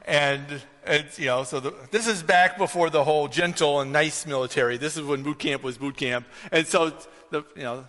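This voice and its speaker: A pastor preaches a conversational sermon, telling a story before building up to emphatic questions. His voice is a little high, bright, and forceful, echoing in a reverberant hall.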